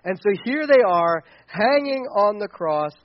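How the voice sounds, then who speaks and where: A man with a rather high voice preaches a sermon in a loose, conversational way, often starting sentences over. The recording sounds dull and lo-fi. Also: big pitch swings, a little slow. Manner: conversational preaching with frequent restarts and fillers. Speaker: pastor.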